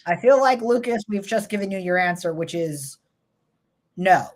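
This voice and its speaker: A woman's voice: medium pitch, animated, moderate pace, darkish tone. A woman with a New York accent co-hosting a casual livestream chat, talking in a rambling, self-interrupting way. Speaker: co-host.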